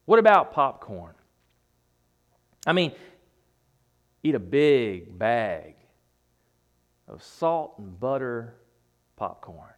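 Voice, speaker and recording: A man's voice: medium pitch, sing-song, very slow, long pauses. A man preaching a sermon, emphatic, repeating phrases and dropping his voice for effect.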